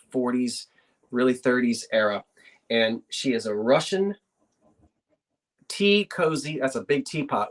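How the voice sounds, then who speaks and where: A woman hosting a live online sale, describing an item in casual, rambling chat full of asides. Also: a bass voice.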